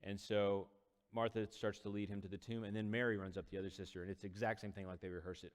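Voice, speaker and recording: A man's voice: on the low side, little pitch movement, quick pace, big-room sound. A man casually retelling a Bible story as a teacher, conversational with quoted dialogue. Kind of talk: casual Bible study talk.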